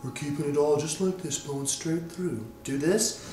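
A man coaching a vocal warm-up while sick, his voice straining and cracking as he demonstrates slides and sirens. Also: on the high side, moderate pace, reverberant, slight background noise.

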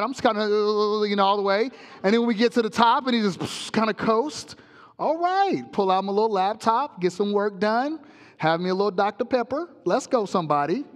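A male pastor preaching a sermon, telling a comic story with sound effects in an animated way. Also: high voice, in a large hall. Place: church sanctuary.

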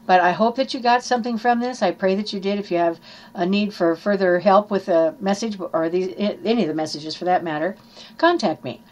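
A woman's voice: medium pitch, brisk, darkish tone. A woman preaching a sermon in an earnest teaching manner, reading scripture aloud and explaining it.

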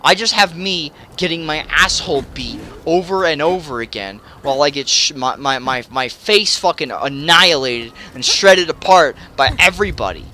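Male let's-play host, furious profane rant, stammers; tense bright voice, lively pitch. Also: normal speed, few pauses, slight background noise. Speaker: gamer. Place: at home playing on a television.

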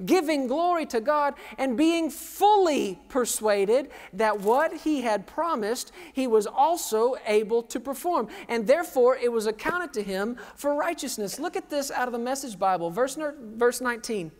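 A man's voice: extremely high pitch, lively intonation, normal speed, hardly any pauses. A man in his thirties preaching a sermon, quizzing the congregation and joking at his own expense. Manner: jokey and self-deprecating. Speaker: pastor. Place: church sanctuary. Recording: reverberant church hall.

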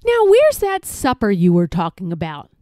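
A woman's voice: mid-range voice, huge pitch swings, moderate pace, dark tone, no room sound, studio quality, pitched below the performer's own voice. A woman voicing a mischievous male elephant cousin who plays tricks, in a storybook read-aloud. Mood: calling.

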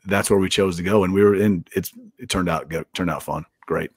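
Profane, animated male wrestler storyteller. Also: low voice, fairly quick, slightly rough, no room sound. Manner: animated, profane, acts out quotes. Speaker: pro wrestler guest. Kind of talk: casual storytelling interview.

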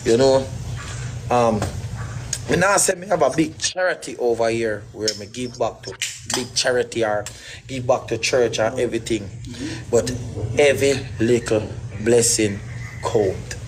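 A man's voice: medium pitch, unhurried, slight background noise, low-quality recording. A middle-aged man, guest in a casual interview, talking in rambling, emphatic patois.

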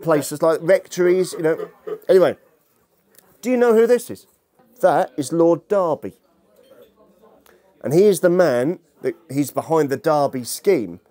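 A man's voice: on the high side, lively intonation, moderate pace, dark tone. A man lecturing as a historian to an audience, humorous and chatty, bantering with the room. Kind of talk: lecture with jokey asides.

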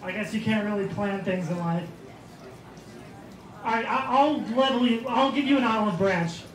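A male stand-up comedian on a club stage, mocking and combative, shouting insults at hecklers. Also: high voice, moderate pace. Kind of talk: stand-up set turning into shouting match. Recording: echoey club with crowd noise.

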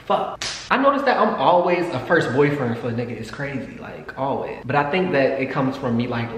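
A man telling a storytime in a casual, excitable, profane way to his viewers. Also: medium pitch. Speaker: vlogger. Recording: echoey room with long reverb, faint noise.

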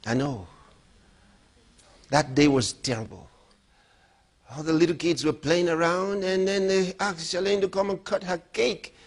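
A middle-aged man preaching a sermon as a pastor, emphatic, moving between loud outbursts and low, quiet storytelling. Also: steady tone, a little slow, creaky, pauses often.

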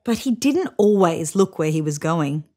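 Lively woman reading a children's story. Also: lowish voice, normal speed. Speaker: children's book reader. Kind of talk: read-aloud storybook narration.

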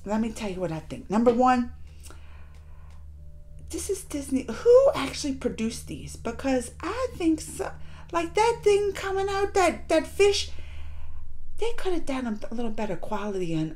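A woman hosting a casual spoken review video. She talks in an animated way with laughs and acted quotes, sometimes dropping to hushed asides. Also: fairly high pitch, normal speed. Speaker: reaction video host.

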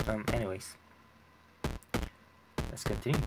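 Young guy cursing and hyping himself up over a game, lowish voice, typing clacks in the background. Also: unhurried, background noise. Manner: profane, excitable, talks to himself. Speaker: let's play gamer. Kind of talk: casual gameplay commentary.

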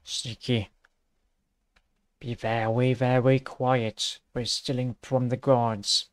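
A young man casually commenting on his gameplay in a chatty, rambling, low-key way. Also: little pitch movement, slow. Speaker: let's play host.

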